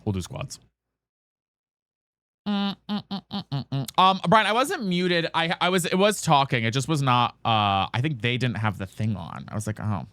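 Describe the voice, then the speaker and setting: During a live game stream, a man keeps asking teammates if they have mics while swearing and chatting casually with viewers he calls "girl and guys." His mid-range voice is very animated, pushed and bright, moving at a moderate pace with few pauses and no echo.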